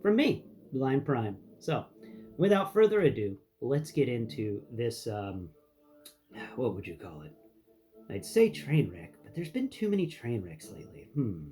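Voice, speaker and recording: Chatty, lively man hosting a toy tutorial. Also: medium pitch, unhurried, soft background music. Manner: chatty and jokey, with rambling asides. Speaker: host. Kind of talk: casual spoken toy tutorial.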